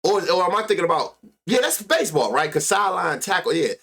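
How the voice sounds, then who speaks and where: An American sports betting show host with a high, sing-song, bright voice that's forceful yet husky talks at a quick pace on his live stream. He chats casually with lots of slang and profanity, laughs often, and mutters stats under his breath.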